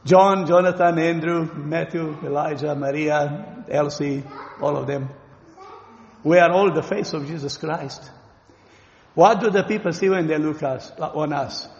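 Romanian-accented guy preaching, kinda high voice, lots of ums and questions to the crowd, big echoey church. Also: highs cut off, slight background noise. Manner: earnest, asks the listeners questions, pauses with fillers. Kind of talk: sermon. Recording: echoey hall with long reverb.

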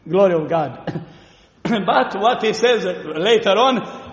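A Romanian-accented man delivers an earnest sermon, often turning questions to the congregation and pausing with fillers. His voice sits high for a man. The recording is from a church hall with strong room echo and a long, trailing reverb. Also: expressive. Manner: earnest, asks the listeners questions, pauses with fillers. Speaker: preacher.

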